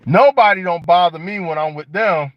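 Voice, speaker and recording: A young man casually joking and riffing to his viewers in a vlog, slangy and animated. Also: high-pitched, normal speed, slight background noise. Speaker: vlogger. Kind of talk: casual monologue to camera. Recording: dull lo-fi sound.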